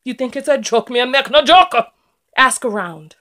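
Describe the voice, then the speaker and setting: Woman vlogger, heated commentary, emphatic repeats, slightly high voice. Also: normal speed, a bit bright. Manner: emphatic, repeats phrases for force. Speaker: YouTube commentator. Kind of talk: ranting video commentary.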